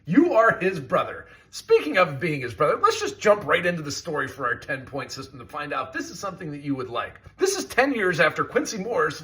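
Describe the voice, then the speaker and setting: Bright, lively male game reviewer. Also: on the high side. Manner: enthusiastic, chatty, with scoring asides. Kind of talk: casual review commentary.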